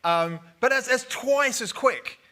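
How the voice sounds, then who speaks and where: A man's voice: very high voice, expressive, takes it slowly, pushed and bright. A man hosting a podcast interview, chatty and self-deprecating in a casual conversation. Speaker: podcast host.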